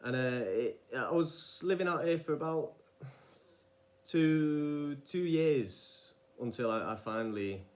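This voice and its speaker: Slow but animated, a fairly high-pitched young man from England delivers a casual podcast-style monologue as a vlogger. He digresses often, rambling with lots of restarts and fillers.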